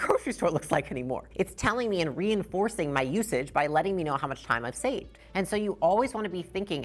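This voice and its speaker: A woman in her thirties talks quickly with a lower-pitched voice. Her intonation swings widely as she hammers home business lessons. She is blunt and emphatic, with casual swearing. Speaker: business educator. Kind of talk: direct business talk to camera.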